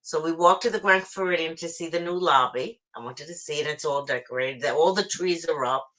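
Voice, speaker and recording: Bright-voiced New York woman chatting. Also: low voice, a little fast. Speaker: guest. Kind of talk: casual live-stream chat.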